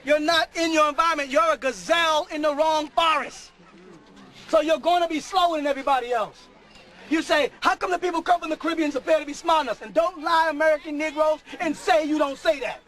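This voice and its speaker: A middle-aged man preaching a sermon to a live audience, often shouting and laughing. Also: very high voice, fairly even intonation, quick pace, poor audio.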